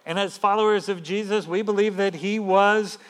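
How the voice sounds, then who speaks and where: A man pastor giving a sermon in an animated, emphatic, conversational way. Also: sits high, normal speed, clear, resonant tone.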